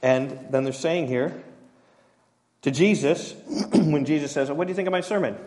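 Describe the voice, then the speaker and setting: A middle-aged male pastor preaches an expository sermon conversationally, adding self-deprecating asides and acting out quotes. His voice is on the high side at a moderate pace, and a long hall reverb trails his words.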